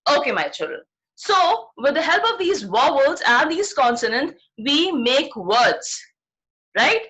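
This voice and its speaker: A woman's voice: high voice, very animated, measured pace, a bit bright. A woman teacher with an Indian accent, giving an online phonics class to young children over a video call and checking understanding with "right?". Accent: Indian English. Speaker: primary school teacher.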